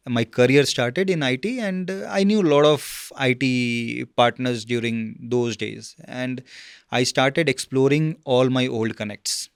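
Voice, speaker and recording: A man, a guest telling his career story in a casual interview, halting with many fillers and "okay?" check-ins. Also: medium pitch, vocal fry, smooth, no room sound, studio quality.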